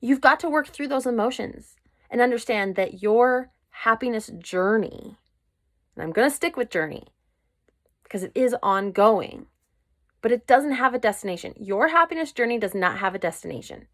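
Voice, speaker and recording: A woman hosts her own self-help podcast alone, speaking candidly and with emphasis as she coaches her listeners. Her voice sits a little high. The sound is dry and close, with no room around it. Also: animated, normal speed, a bit bright, dry recording. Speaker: podcast host. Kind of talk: solo podcast talk.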